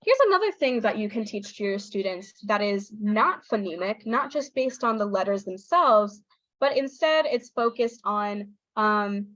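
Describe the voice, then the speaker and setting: An American woman, a young adult, giving an online talk to English teachers, lively and acting out intonation patterns as she explains them. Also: no room sound, highs cut off. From United States. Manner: lively, demonstrates intonation with exaggerated pitch.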